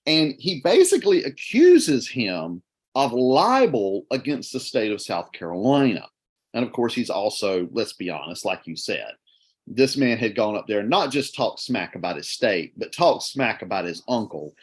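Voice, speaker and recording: A man's voice: on the low side, moderate pace, husky. A man co-hosting a history podcast, telling the story casually and laughing along. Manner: animated, laughs while telling. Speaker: podcast co-host.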